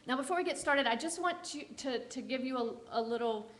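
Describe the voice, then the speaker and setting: Woman, guest speaker; gentle, encouraging sermon delivery with a slightly raised pitch, guiding listeners into meditation. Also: animated, a little fast. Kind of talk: inspirational sermon leading a guided meditation. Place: church service.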